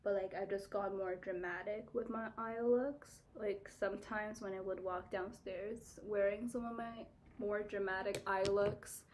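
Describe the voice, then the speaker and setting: A woman's voice: medium pitch, steady tone, measured pace, a little hiss or hum. A young woman from Kansas, a beauty vlogger who chats bluntly while doing her makeup and fills her talk with "like" and laughs. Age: young adult. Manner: blunt, chatty, filler-heavy, laughs often.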